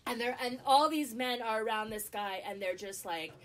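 A woman's voice: fairly high pitch, moderate pace, slight background noise. A middle-aged woman, a guest on a talk show, telling a story in a casual way with lots of fillers and restarts. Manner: lively, with frequent fillers and restarts.

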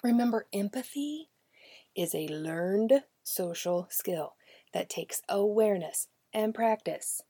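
A woman's voice: medium pitch, lively intonation, takes it slowly, warm tone, slightly rough, dry recording, clean studio sound. A woman hosting a podcast, talking directly to parents in a conversational way and often dropping to a near-whisper. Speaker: podcast host. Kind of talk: podcast talk to parents and educators.

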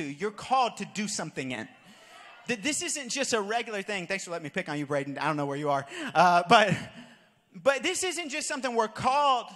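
A young pastor gives a sermon with storytelling, telling funny stories from the pulpit before building to shouted exhortations to his listeners. He's animated and jokey, with a high, bright voice ringing in the long reverb of a big church hall.

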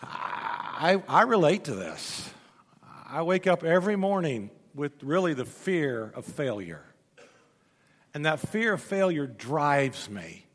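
A man's voice: very animated, takes it slowly. Emphatic man preaching in a reverberant church. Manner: emphatic preaching, rising to loud peaks and dropping low. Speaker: pastor. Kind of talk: sermon. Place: church sanctuary. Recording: long reverb of a church hall.

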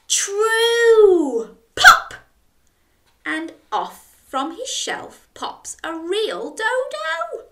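Lively lady reading a kids story, slow and bright, gasps a lot, echoey room, mic a bit far. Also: high voice. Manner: animated, gasping, invites children to join in. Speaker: storyteller for children. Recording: roomy, from a distance.

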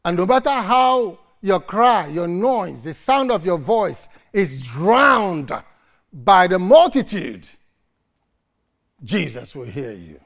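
Preacher man, dramatic sermon delivery, slow paced, loud-to-soft swings. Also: sits high, very animated. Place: church service.

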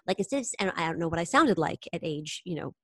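A woman singer and impressionist, telling stories in an animated, chatty way during an interview. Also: on the low side, fast, dry recording, studio quality. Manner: animated, chatty storyteller who briefly slips into singing impressions. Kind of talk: interview conversation.

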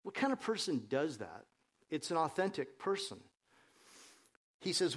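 A male pastor delivers a sermon with a slightly raised pitch. He moves between lively storytelling and quieter, earnest points, and his voice rises and drops as he makes them. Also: moderate pace, pauses often. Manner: lively storytelling with jokes, voice rising and dropping.

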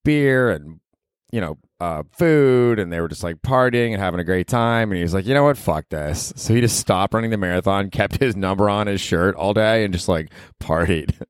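A man's voice: fairly low pitch, normal speed, clear, resonant tone, no echo, studio quality. A young man hosting his own podcast as a comedian, telling rambling, profane stories in a loose, casual way. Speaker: podcast host. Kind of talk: casual solo podcast chat. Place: small apartment.

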